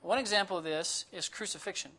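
Bright, high-voiced male guest preacher. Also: fast talker. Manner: conversational, with humorous asides and disclaimers; reads closely from notes. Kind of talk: sermon.

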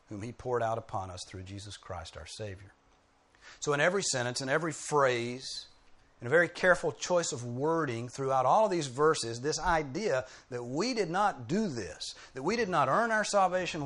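Man, pastor, emphatic sermon delivery, repeats phrases, mid-pitched voice. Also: a bit bright. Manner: emphatic, repeating key phrases with rising force. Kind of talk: expository sermon.

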